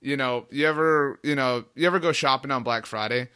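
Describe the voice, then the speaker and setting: A man hosting a sports talk show, with a bright and forceful voice at a middle pitch. He talks with a playful, teasing edge and drops dry jokes between stats. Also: fairly quick, smooth.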